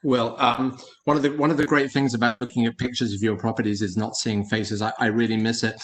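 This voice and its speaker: Speaking a little fast with a flat delivery and a mid-range voice, a man casually presents his hotels over a video call. He founded the hotel group and talks in a chatty, friendly way from his home or office in London, frequently repeating words.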